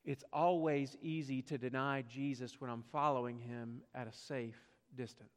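With a steady tone and moderate pace, a pastor from South Carolina, Southern accent clear, moves from quiet, low stretches to booming rhetorical questions in his sermon. A long reverb tail follows his words.

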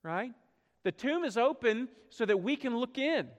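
A man's voice: very high voice, animated, moderate pace, dull audio. A man preaching a sermon as pastor, earnest, with rhetorical questions, swelling and dropping his voice. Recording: long hall reverb.

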